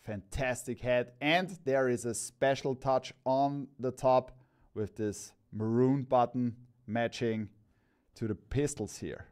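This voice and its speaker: A man hosting a live-stream product showcase, talking in an excited, enthusiastic and rambling way as he presents hats one by one. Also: medium pitch, takes it slowly, clean tone. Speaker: cap store host.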